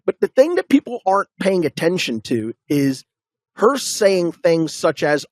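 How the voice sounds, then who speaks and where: A high-pitched man co-hosting a political talk show. He presses his points with rhetorical question after rhetorical question. His voice is recorded dry and close, with no room sound. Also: very animated, unhurried, no echo. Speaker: podcast co-host.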